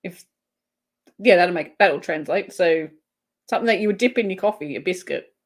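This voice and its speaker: This crochet livestream host is an Australian woman whose voice sits on the low side, moving at a moderate pace. Her casual live-chat banter is full of giggles as she reads out comments from viewers.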